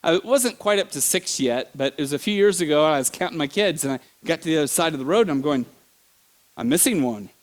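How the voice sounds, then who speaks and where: A middle-aged man preaching in a church, telling stories with animated bursts, sudden shouts and laughter. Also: fairly high pitch, fast talker, few pauses. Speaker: pastor. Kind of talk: sermon.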